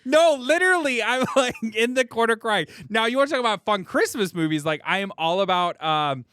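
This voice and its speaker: A man's voice: high-pitched, lively intonation, a little fast, sharp tone, smooth, dry recording, clean studio sound. A young man hosting a casual podcast chat, laughing often and swearing freely. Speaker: podcast host.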